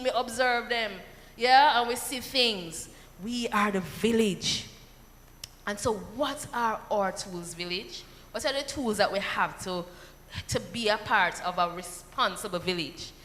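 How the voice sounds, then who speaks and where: Jamaican woman, fairly high and bright, animated seminar speaker, reverberant hall. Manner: lively, animated, acts out quotes, rhetorical asides. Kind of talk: seminar talk to parents.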